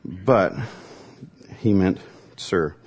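A man preaching a conversational sermon, teaching with dramatic pauses and reading scripture aloud. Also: deep voice, animated. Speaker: pastor.

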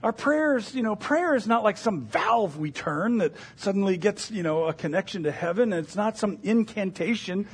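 Lively, husky-voiced male preacher. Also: sits high, normal speed, few pauses. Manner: conversational, earnest, self-deprecating asides. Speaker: pastor. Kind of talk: sermon.

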